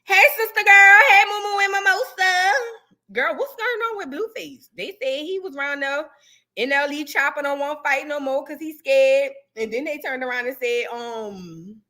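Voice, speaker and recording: New woman hosting a livestream, high voice, animated storytelling. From New Orleans, USA. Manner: chatty, animated storyteller with slangy asides. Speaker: livestream host. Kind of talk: casual livestream chat.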